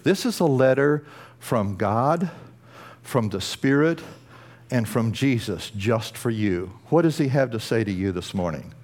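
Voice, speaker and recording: A male pastor delivering a sermon in a church. His pitch sits in a middle register but swings widely, climbing high when he presses a point and sinking quiet and slow on the tender lines. The delivery is emphatic and earnest. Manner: emphatic, rising to bursts of intensity then dropping low and slow.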